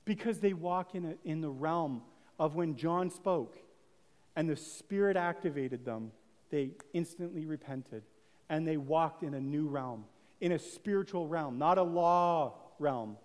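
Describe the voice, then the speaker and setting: A man preaching a sermon in a fervent, conversational way, building from hushed tones to loud bursts and firing off rhetorical questions. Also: on the high side, measured pace. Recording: long hall reverb.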